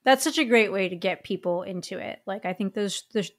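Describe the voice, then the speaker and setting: A woman co-hosts a podcast in a relaxed, conversational way. She backs up her partner with quick affirmations and then gives her own easy-going thoughts. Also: mid-range voice. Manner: supportive interviewer, frequent affirmations. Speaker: podcast co-host. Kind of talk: casual chat.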